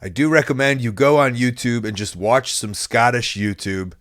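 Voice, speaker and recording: A man hosting a podcast who answers a caller's story with joking, animated commentary. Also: mid-range voice, moderate pace, no echo, studio quality. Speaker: podcast host.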